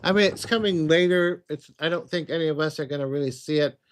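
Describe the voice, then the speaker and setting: A man's voice: fairly high pitch, fast talker. A man hosting a casual livestream, answering viewer questions in a chatty, rambling way. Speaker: psychic livestream host.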